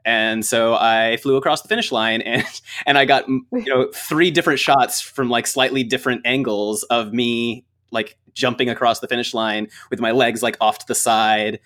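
A man in casual chat, telling a lively story with lots of filler words and frequent laughs. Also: mid-range voice, moderate pace. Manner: rambling, filler-heavy, laughs often.

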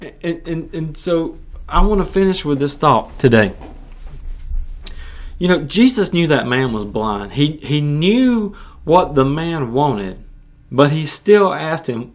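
A man's voice: fairly high pitch, very animated, slow pace. A male preacher who hosts a podcast, giving an earnest sermon and often restarting and repeating himself. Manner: earnest, repetitive, with frequent restarts.

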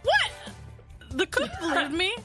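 A woman's voice: extremely high pitch, huge pitch swings, unhurried, over music. A woman playing a tabletop game casually, playful and giggly. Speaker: player.

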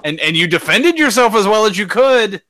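A man co-hosts a podcast with a bright, forceful tone, cracking wry jokes. He often stops and restarts before the point lands. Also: high-pitched, big pitch swings, no room sound. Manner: wry, jokey, halting starts. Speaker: podcast co-host. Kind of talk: casual chat.

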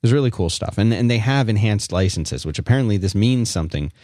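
A man's voice: fairly low pitch, lively intonation, fast, a little mellow, no echo, clean studio sound. A man co-hosting a podcast, laid-back and joking, reading an ad in casual chat. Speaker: podcast co-host.

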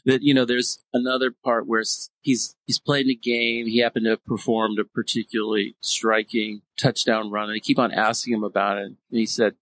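A man's voice: mid-range voice, steady tone, normal speed, poor audio. A man being interviewed about his film, speaking with a stutter and lots of "you know" fillers. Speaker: interview guest, filmmaker and writer. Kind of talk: casual interview talk.

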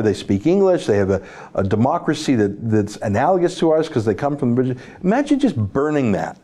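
A man's voice: medium pitch, mellow. A man hosting a political talk show, talking in an emphatic, exclamatory way. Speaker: host.

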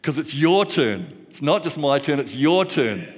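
A man's voice: a little high, very animated, a little slow. A man preaching a sermon, rousing the congregation with repeated call-and-response phrases. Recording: long church hall reverb.

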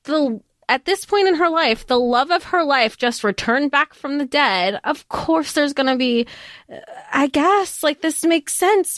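A woman's voice: high voice, no room sound, studio quality. Chatty woman podcast co-host. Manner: rambling, full of restarts and "like". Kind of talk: casual book discussion.

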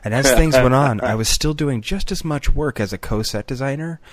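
A man's voice: mid-range voice, brisk, no echo. A man co-hosting a casual podcast chat, telling rambling stories in an earnest way. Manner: chatty storyteller, earnest and rambling. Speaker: podcast co-host.

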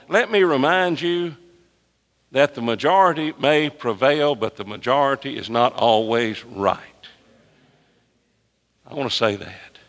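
Emphatic preacher in a reverberant sanctuary. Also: male voice, unhurried, long pauses, fairly bright tone. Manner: emphatic preaching with wide swings in pitch and volume. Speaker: pastor. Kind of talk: sermon. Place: church sanctuary. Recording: long reverb of a church sanctuary.

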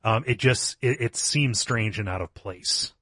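A man's voice: lowish voice, a little slow, fairly bright tone, no room sound, clean studio sound. A man co-hosting a podcast, analysing a video game's story in casual talk, often repeating words as he thinks. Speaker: podcast co-host. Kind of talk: casual video game discussion.

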